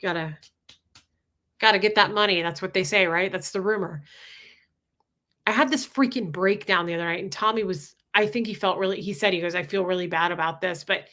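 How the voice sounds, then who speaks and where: A woman's voice: mid-range voice, brisk, pauses often, bright, forceful tone. A woman hosting a casual livestream chat, talking in an emotional, rambling way and swearing freely. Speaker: livestream host.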